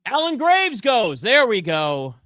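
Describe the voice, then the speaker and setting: A man's voice: extremely high pitch, wildly swooping pitch, slow pace, pushed and bright, no room sound. A man hosting a live basketball draft show from a garage set, chatting casually and rambling with self-deprecating asides. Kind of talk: casual live sports chat.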